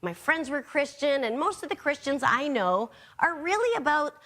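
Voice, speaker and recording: High, lively sarcastic woman host. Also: normal speed. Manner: sarcastic, punchy, mocking. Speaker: comedy show host. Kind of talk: stand-up monologue. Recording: studio with audience and noise.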